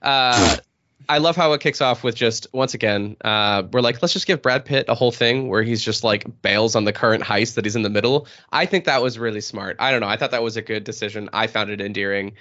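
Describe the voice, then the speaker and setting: A man's voice: fairly low pitch, a little fast, bright, forceful tone, lo-fi sound. A man co-hosting a podcast in casual chat, rambling and swearing freely. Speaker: podcast co-host.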